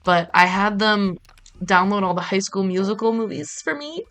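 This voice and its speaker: A woman's voice: mid-range voice, lively intonation, moderate pace, a bit bright, clear, resonant tone. Chatty, rambling woman streamer. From Brazil. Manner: chatty, rambling, casual swearing. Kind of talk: casual gaming stream commentary.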